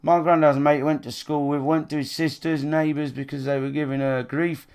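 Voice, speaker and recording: A man's voice: on the high side, little pitch movement, moderate pace, darkish tone, clear, resonant tone. A man with a British accent, a gaming live streamer chatting casually with his viewers, rambling and swearing, often checking if they follow him. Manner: rambling and sweary, often asks "do you know what I mean".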